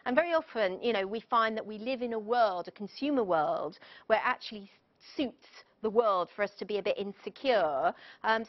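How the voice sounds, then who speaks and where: A woman giving a live motivational presentation, chatty and lively, often putting questions to her audience. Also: a little high, highs cut off. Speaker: motivational speaker.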